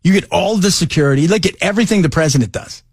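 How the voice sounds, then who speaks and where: Animated, joking talk radio host man. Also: high voice, quick pace, husky, no echo, clean studio sound. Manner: animated, jokey, loose asides. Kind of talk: casual talk radio banter.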